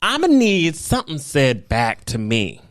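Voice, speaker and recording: A man in casual podcast banter, his pitch jumping around as he acts out scenes with blunt, theatrical flair. The sound is dry and close, with no room behind it. He swears freely and never holds back. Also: a little slow, no room sound. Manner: animated, theatrical storytelling with acted-out reactions. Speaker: podcast co-host. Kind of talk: casual chat.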